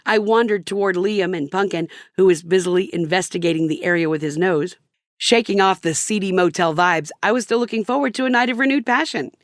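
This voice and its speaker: A woman's voice: mid-range voice, no room sound, clean studio sound. Wry middle-aged woman telling a comic story. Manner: wry, self-mocking. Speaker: narrator. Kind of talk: comic personal story reading.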